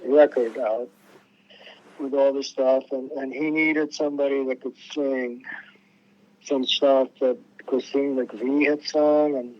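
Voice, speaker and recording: An older musician, a guest in a casual storytelling interview, rambles through his tales, often restarting sentences and acting out quotes. His medium-pitched voice is steady and slow, heard through muffled lo-fi radio sound.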